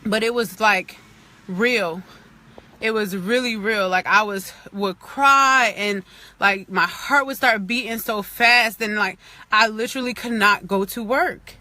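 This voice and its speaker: A woman's voice: mid-range voice, measured pace, pushed and bright, no room sound. A woman vlogger telling a personal faith testimony in a chatty way, full of "like" and "you know," earnest and at times near tears. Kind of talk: casual testimony on a livestream.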